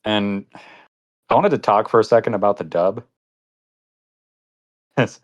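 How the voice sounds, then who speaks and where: A young man with a low voice talks through an anime review in loose, casual podcast chat. He rambles, leans on filler words and breaks into laughter often. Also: a little slow, muffled recording. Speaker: podcast co-host.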